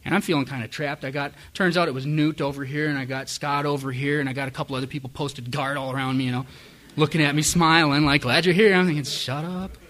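A man's voice: on the high side, a bit bright. Man telling his recovery story candidly. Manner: candid, self-mocking storytelling. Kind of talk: personal testimony to a live audience.

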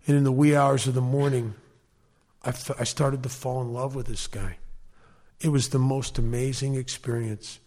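A man's voice: mid-range voice, flat delivery, normal speed, a little mellow. A man speaking at a recovery meeting, telling his personal story in an earnest, emphatic way with flashes of wry self-mocking humor.

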